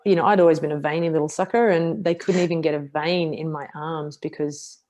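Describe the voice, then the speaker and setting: A middle-aged woman, a martial artist appearing as a podcast guest, speaks fairly quickly in a notably low voice about a hard period of her life. Frank and self-deprecating, she tells it candidly and with animation, acting out what she and others said.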